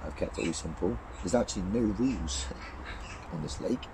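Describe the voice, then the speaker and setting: A man with a hoarse voice from a cold, chatting casually and cheerfully into a handheld camera beside a small overgrown lake. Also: sits low, lively intonation, normal speed, mellow, a little hiss or hum. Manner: upbeat, rambling, laughs often. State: hoarse, losing his voice from a cold. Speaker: fishing vlogger.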